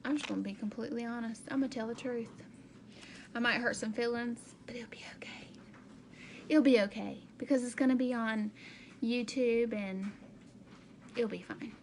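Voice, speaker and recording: A woman's voice: a little high, fairly even intonation, moderate pace, a little mellow, slight background noise. A woman, a direct sales director, telling a candid and emotional personal story in a vlog, often repeating herself.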